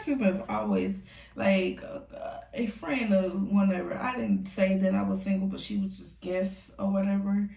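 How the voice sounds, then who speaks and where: A young woman vlogs from home in a candid, slangy, confessional way, now and then sinking into soft asides. Her voice has a gravelly edge, and it sits a little back from the mic in a roomy-sounding space with a faint hiss behind it. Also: medium pitch, steady tone, normal speed, distant mic. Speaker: vlogger. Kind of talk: casual confessional chat. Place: home room.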